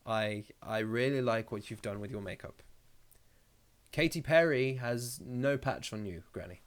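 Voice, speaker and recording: A man's voice: medium pitch, a little slow. A man hosting a casual live stream, reading out viewer comments and joking around in a rambling way, swearing freely.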